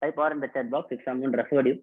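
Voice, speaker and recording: A man's voice: medium pitch, fairly even intonation, rapid-fire, husky. A man hosting a live online workshop, greeting participants by name and repeating instructions in a casual way. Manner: casual, repetitive, calls out names and instructions. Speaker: workshop host. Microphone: online video call. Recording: tinny phone-like call audio.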